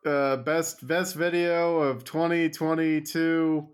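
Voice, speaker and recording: A man's voice: fairly high pitch, level tone, slow pace, clean tone. A man co-hosting a podcast in casual chat, rambling and self-deprecating. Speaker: podcast co-host.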